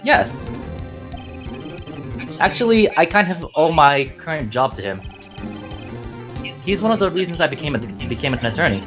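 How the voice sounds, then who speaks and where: A woman's voice: sits low, very animated, normal speed, pauses often, music in the background. A woman voicing an earnest young male rookie defense attorney who tells his story plainly.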